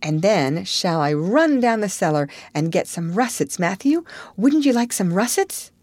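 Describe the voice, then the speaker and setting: A woman's voice: medium pitch, sing-song, unhurried, darkish tone, no echo. A woman reading a storybook and voicing an eager, talkative, imaginative young girl. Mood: chatty. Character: chatty imaginative young orphan girl, Anne.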